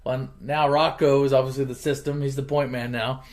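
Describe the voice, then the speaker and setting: Animated man casually retelling a movie. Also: mid-range voice, a little fast. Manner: animated, chuckling, conversational. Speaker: channel host.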